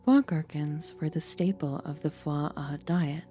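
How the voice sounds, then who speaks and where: A young adult woman, a streamer and voice actor, reading game lore aloud in a theatrical, deliberate storybook manner. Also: deep voice, fairly even intonation, mellow, soft background music.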